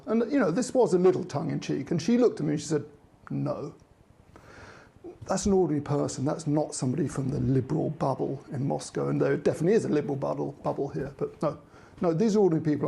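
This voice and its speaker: A man reporting as a news correspondent, giving earnest, measured live commentary with occasional emotion. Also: fairly high pitch, creaky, warm tone. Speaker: correspondent in Moscow.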